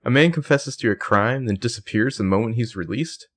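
A man's voice: medium pitch, expressive, a little fast, a bit bright. A man voicing a stern female police lieutenant in a casual podcast role-play reading, questioning dryly and pointedly.

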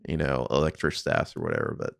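Deep gravelly man chatting casually. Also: very animated, fast, no echo, studio quality. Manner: casual, swearing, thinking aloud with fillers. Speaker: podcast co-host. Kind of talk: casual film commentary.

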